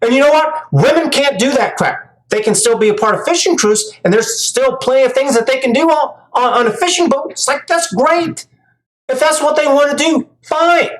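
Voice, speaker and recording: Woman, high voice, angry profane rant, scolding reaction commentary. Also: moderate pace, rough recording.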